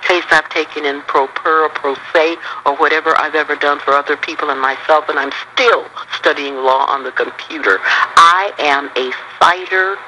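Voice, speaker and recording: A woman's voice: low-pitched, normal speed, pushed and bright, a little hiss or hum. An older woman calling in to a radio show, speaking with impassioned, indignant emphasis. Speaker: caller. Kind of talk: emotional phone call. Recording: phone line on the radio.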